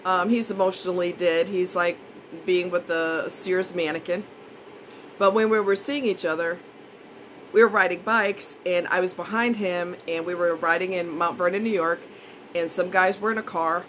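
A woman's voice: fairly low pitch, fairly bright tone, slight background noise, low-quality recording. A woman vlogger in a casual monologue, blunt and indignant, repeating her points for emphasis.

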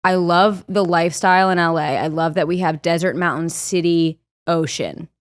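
Podcast guest: woman, loud and animated, slightly low voice, faint Boston accent, dry close sound. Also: moderate pace, no echo. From Boston area, USA. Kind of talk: casual chat.

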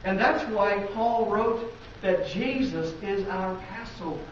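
High-voiced preacher in an echoey church. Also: male voice, takes it slowly, slight background noise. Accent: Midwestern American. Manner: conversational preaching with rhetorical questions to the congregation. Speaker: pastor. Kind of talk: sermon. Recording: very echoey, distant, dull lo-fi.

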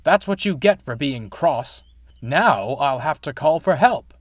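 A man's voice: a little high, lively intonation, unhurried, dry recording, studio quality. A man voicing a matter-of-fact male train driver with a scolding manner.

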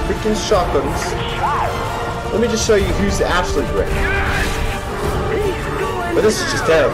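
Excitable young man trash-talking over gameplay. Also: mid-range voice, normal speed, loud music behind the voice. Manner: excitable, trash-talking, swings from mumbling to yelling. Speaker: gaming channel host. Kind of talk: gameplay commentary.

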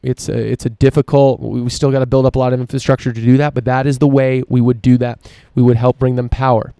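Male podcast host, solo rant, profane and emphatic, smooth dark voice, little melody. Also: medium pitch, level tone, fast talker, dry recording. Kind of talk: solo opinion podcast monologue.

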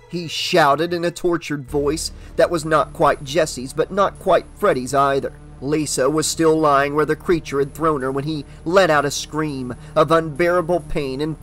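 A man reading a horror novel aloud as an audiobook, with steady, dramatic narration. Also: on the high side.

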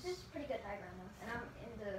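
Quick, high-voiced woman narrating her game play, echoey room, noise behind. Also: big pitch swings. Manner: chatty running commentary on own play. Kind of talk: casual chat while playing a video game.

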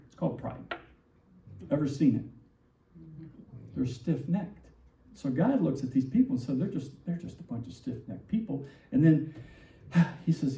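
A man preaching a sermon as pastor, animated and full of rhetorical questions, acting out the lines he quotes. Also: fairly high pitch, unhurried, long pauses. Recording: distant, roomy, dull church recording.

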